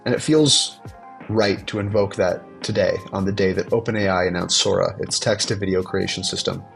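Man podcast host, nasal from a cold, low gravelly voice, faint music behind. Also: moderate pace, fairly bright tone. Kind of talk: podcast intro and interview.

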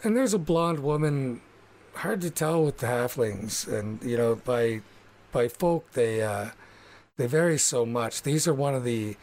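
A man's voice: mid-range voice, expressive, a little slow, a little mellow. A man narrating a tabletop game as game master, descriptive and rambling with fillers.

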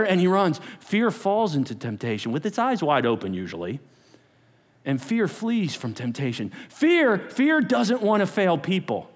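Animated high-voiced male preacher in reverberant hall. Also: normal speed. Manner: animated preaching, acts out quotes, drops to whispers. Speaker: pastor. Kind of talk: sermon.

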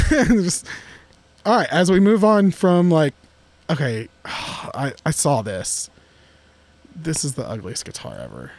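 A man co-hosting a podcast in casual chat, joking and excitable, talking in restless bursts. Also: a little high, takes it slowly, long pauses. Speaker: podcast co-host.

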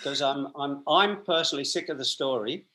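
Australian male guest, slightly high pitch, chatty storyteller who laughs mid-sentence. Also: normal speed, pushed and bright. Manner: chatty, rambling, laughs while telling stories. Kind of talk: anecdotal storytelling.

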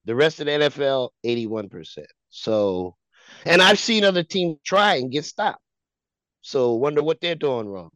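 A man's voice: a little high, big pitch swings, normal speed, a bit bright, no echo, low-quality recording. A man from Philadelphia co-hosting a sports podcast, teasing his co-host with mock indignation. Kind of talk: casual sports chat.

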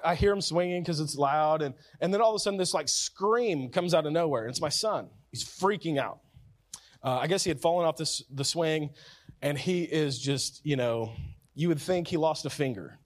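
A pastor delivering a sermon in a man's fairly high voice. He talks in a casual, conversational way, often repeating or restarting his phrases. He swings from loud urgency down to near-hushed softness. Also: moderate pace.

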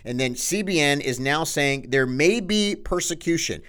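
Guy pastor ranting on his news show, sarcastic and fired up, then drops real quiet, voice a bit on the high side. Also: lively intonation, moderate pace, clear, resonant tone. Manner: sarcastic, impassioned, swings between loud and hushed. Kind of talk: political news commentary monologue.

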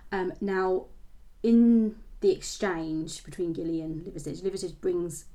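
A woman co-hosting a casual book-club podcast, hesitant, with many pauses and restarts. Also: on the low side, fairly even intonation, mellow. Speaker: podcast co-host.

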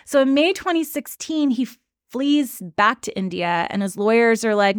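A woman's voice: a little high, moderate pace, smooth, dry recording, clean studio sound. A woman co-hosting a podcast, telling a story in casual chat and acting out the quotes with lots of "like.". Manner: animated, acts out quotes with lots of "like". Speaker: podcast co-host.

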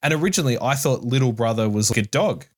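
A man's voice: mid-range voice, animated, quick pace. A man co-hosting a podcast, chatting bluntly about a book with jokey asides and casual swearing. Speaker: podcast co-host.

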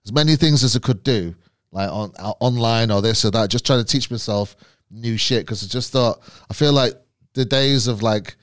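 A man's voice: medium pitch, normal speed, no echo, studio quality. A man talking as a podcast guest, rambling and laughing as he tells stories, with casual swearing. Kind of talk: casual chat.

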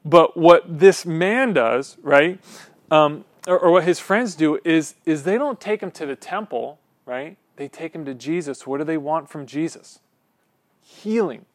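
A man with a fairly high voice runs an informal Bible class for a small group in a church room, tagging his points with "right?" and often restarting. The recording has no room sound.

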